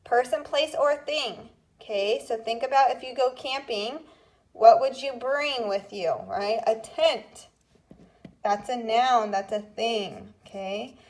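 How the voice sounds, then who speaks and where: A woman teaches a second grade phonics lesson for a video. Her voice sits a little high, and she speaks slowly and patiently, checking in with "okay?" and "right?" after each step. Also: darkish tone. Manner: slow, patient explaining with repeated "okay?" checks.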